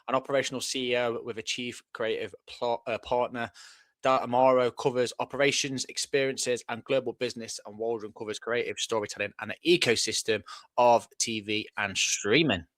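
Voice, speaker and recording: A man's voice: mid-range voice, fairly bright tone, no room sound. A man co-hosting a fan podcast, giving blunt, laid-back opinions. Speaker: podcast co-host. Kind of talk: casual chat.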